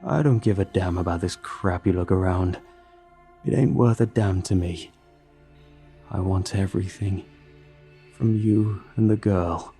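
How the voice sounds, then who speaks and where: Guy putting on a creepy monster with a slow texas drawl, low and dark, music underneath. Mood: menacing. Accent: Texas drawl, put on.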